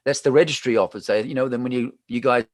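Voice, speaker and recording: A man's voice: medium pitch, quick pace, no room sound. A man from Australia with an Australian accent, hosting a chatty, joking live talk show after a panel. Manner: chatty, jokey, laughs often. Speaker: host. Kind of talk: casual livestream chat.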